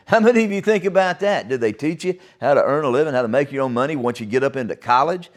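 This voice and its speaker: A man's voice: fairly high pitch, animated, quick pace, hardly any pauses. An older man from Oklahoma, hosting a solo podcast as a folksy, rambling storyteller. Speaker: podcast host. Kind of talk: solo reflective talk.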